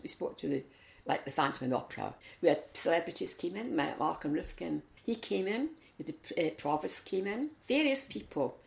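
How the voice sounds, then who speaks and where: Low-voiced Scottish woman telling stories. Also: moderate pace, vocal fry. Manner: lively storyteller, acts out quotes. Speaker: interviewee, community volunteer. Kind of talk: chatty anecdotal interview. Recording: echoey room.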